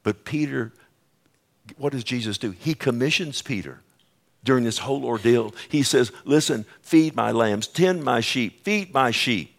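Emphatic male preacher, dramatic pauses. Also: mid-range voice, animated, creaky. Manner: acts out quoted dialogue, repeats calls like "Amen?" and "Listen". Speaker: pastor. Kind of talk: sermon.

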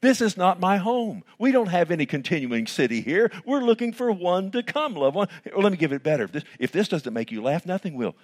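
Lively man preaching a sermon. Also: sits high, fairly quick, few pauses. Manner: animated preaching, rhetorical questions, addresses listeners as "loved one". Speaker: pastor.

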